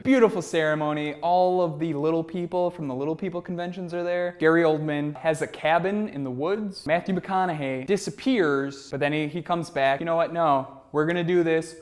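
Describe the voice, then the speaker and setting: A young man in his twenties hosting a comedic film review, talking in a sarcastic, incredulous way. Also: a little high. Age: 20s.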